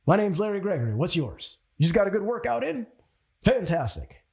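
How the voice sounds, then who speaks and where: Man doing a booming, confident older mentor, friendly and a bit husky. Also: big pitch swings, brisk, a little mellow, exaggerated voice. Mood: hearty. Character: charismatic older male mentor, hearty and confident.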